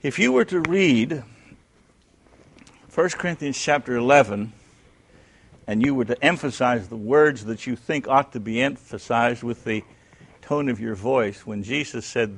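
A man teaching a Bible class who questions his listeners, answers himself, and swings between loud emphasis and hushed tones. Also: mid-range voice, animated, unhurried, gravelly, breathy edge.

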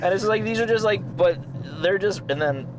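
A young man talks casually and acts out the people in his stories, slipping into higher voices as he laughs. His voice sits a little high for a man. Steady noise runs under the recording. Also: brisk. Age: young adult. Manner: animated storyteller, acts out quotes with rising pitch and laughter. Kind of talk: casual chat, retelling stories.

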